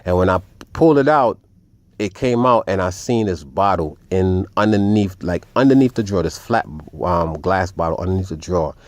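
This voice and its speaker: A man with a low voice tells a personal story to his viewers. He talks in an animated, profane way and keeps addressing them as "family.". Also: moderate pace, dry recording. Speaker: vlogger.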